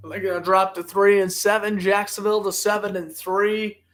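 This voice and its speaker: High-voiced young man calling a football game. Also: normal speed, soft background music. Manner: excitable, gets loudly indignant at referees. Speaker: play-by-play commentator. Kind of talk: amateur live sports commentary.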